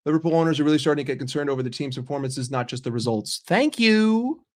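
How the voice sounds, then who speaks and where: A man hosting a casual live stream and bantering with his chat in an animated, profane way. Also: mid-range voice, very fast. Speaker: livestream host.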